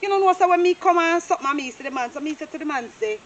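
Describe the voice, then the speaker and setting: An actress with a Jamaican accent playing a nosy, chatty property surveyor who tells stories in lively Patois. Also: female voice, high voice, fast talker, lo-fi sound, slight background noise. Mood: gossiping. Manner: gossipy, animated Patois storytelling. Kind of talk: Jamaican stage-style movie acting.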